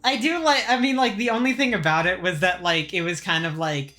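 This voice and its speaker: Young woman podcast host with a lowish voice. Her delivery stays level and unexcited, though she breaks into laughter easily and trips over restarts as she chats casually with friends. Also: a little fast, faint music behind. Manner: even-keeled, frequent laughter, many restarts. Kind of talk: casual group chat.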